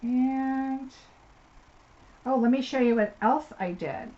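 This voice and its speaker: A woman's voice: high-pitched, slow, warm tone. A woman giving a live card-making tutorial, chatting and thinking aloud as she works at her desk. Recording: slightly dull audio with faint noise.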